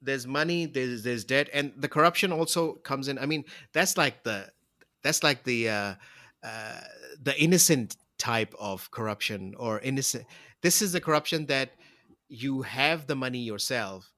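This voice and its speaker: A man hosting a podcast in casual chat, talking in a rambling, halting way with many restarts and fillers. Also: medium pitch, sharp tone, no echo, clean studio sound. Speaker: podcast host.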